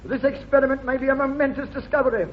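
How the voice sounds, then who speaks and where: A man in 1950s radio comedy voicing an excitable, squeaky male scientist character. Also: fast. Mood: excited. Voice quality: squeaky, zany. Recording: noisy muffled 1950s radio recording.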